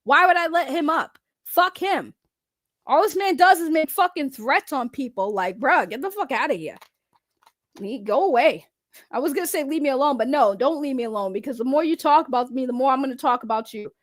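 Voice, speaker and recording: A young woman with a high voice rants bluntly at her livestream chat, swearing freely. Her voice sits close and dry on a desk mic, with almost no room sound. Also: lively intonation, a little fast, dry recording. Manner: blunt, heavy swearing, talks straight to chat. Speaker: livestream commentary host. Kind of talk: ranting livestream commentary.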